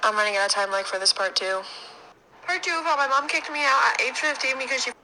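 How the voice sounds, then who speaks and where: Young woman rattling off a storytime super fast, bright voice, says like a lot. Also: high voice, slight background noise, rough recording. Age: young adult. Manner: rapid chatty retelling with frequent "like". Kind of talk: casual storytime monologue.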